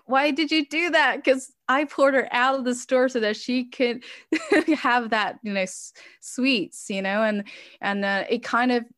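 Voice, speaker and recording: A woman's voice: on the low side, fairly bright tone, dry recording, clean studio sound. A woman, an immigrant mother living in Norway, telling a personal story as an interview guest, emotional and laughing at times, with many fillers.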